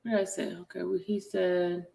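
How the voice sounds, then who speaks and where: A woman with a lowish, gravelly voice speaks at normal speed as she hosts a casual commentary-channel chat, reading out a text exchange. She's chatty and animated, constantly breaking off with "hold on," and the room gives off a roomy echo.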